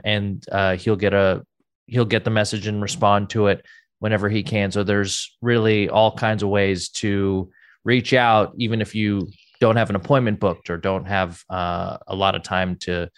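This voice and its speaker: A man's voice: lowish voice, clean tone, no echo, clean studio sound. A man co-hosting a podcast, reading an ad and chatting casually with many fillers. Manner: relaxed, hesitant with many fillers. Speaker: podcast co-host. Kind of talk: casual chat and host-read ad.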